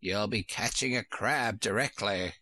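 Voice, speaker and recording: A man's voice: on the low side, measured pace, bright, forceful tone, dry recording, studio quality. A man voicing a grumpy old female sheep who knits and answers in short, snappish lines. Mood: curt. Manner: curt, snappish.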